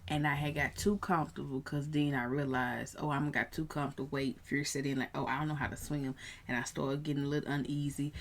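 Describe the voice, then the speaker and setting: A coach in her thirties shares a personal story in a casual vlog, animated and rising into excited bursts. Her voice sits low, and she speaks briskly.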